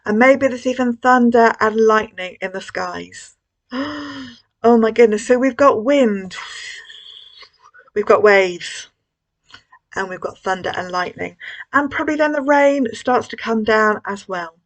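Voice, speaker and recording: Woman, fairly high voice, gentle storyteller, school worship leader, expressive with hushed moments. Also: a little slow, low-quality recording. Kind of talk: children's collective worship storytelling. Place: church.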